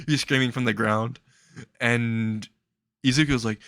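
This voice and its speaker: A man's voice: medium pitch, fairly even intonation, moderate pace, fairly bright tone, no echo. A man telling a comedic story casually, crude, rambling and often laughing.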